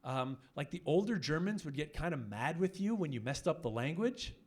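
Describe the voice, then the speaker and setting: A man in his forties from French-speaking Canada doing a stand-up set on stage, animated and switching into loud voices for punchlines. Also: fairly high pitch, moderate pace. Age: 40s. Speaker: stand-up comedian. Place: comedy club stage with audience.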